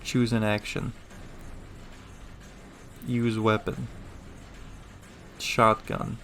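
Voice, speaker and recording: Deadpan man reading game text. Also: lowish voice, drawn-out words, slight background noise. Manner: deadpan, joking asides. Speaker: gamer. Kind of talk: reading game text aloud with casual commentary.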